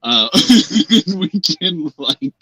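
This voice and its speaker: A man's voice: a little high, lively intonation, extremely slow, bright, forceful tone, breathy edge, no echo, dull audio. A man hosting a casual chat show, joking and swearing, who now and then slips into silly put-on voices. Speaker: podcast host.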